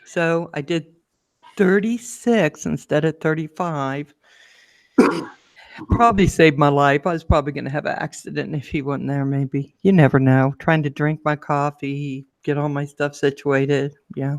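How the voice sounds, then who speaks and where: A woman co-hosting a casual chat show, telling a lively story and acting out the people in it. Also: a little slow, no room sound, clean studio sound. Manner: lively storyteller, acts out quotes in a high voice. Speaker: show co-host.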